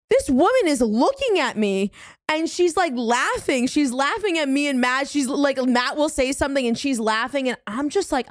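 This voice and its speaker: A high-pitched woman telling a story on a podcast, loose and chatty, with "like" in every other breath. She gets animated and loud when she acts out the big moments. The sound is dry and close. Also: a little fast, dry recording. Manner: filler-heavy, says "like" often. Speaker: podcast host. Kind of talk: casual storytelling chat.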